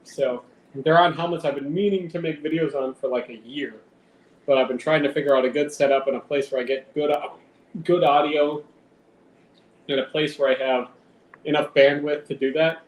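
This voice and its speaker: A man's voice: on the high side, steady tone, normal speed. A man rambling casually on a live stream at home, swearing now and then and talking to his cat. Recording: roomy with faint background noise.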